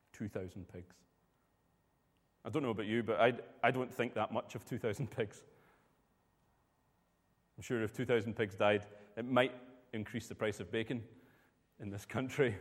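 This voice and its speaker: A man preaching a sermon in a relaxed, storytelling way. His voice sits at an ordinary middle pitch. A long reverb hangs in the room around him. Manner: storytelling, conversational.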